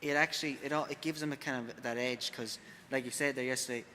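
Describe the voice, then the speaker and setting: A man with an Irish accent, a gym coach co-hosting a podcast, talking in a loose, halting way with many fillers. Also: medium pitch, steady tone, bright, forceful tone. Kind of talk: casual podcast chat. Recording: reverberant room with faint noise.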